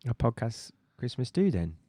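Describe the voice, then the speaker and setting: A man's voice: medium pitch, very animated, moderate pace, dark tone, no echo. A man co-hosting a podcast, chatting casually, teasing and asking lots of questions. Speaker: podcast co-host. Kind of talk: casual banter.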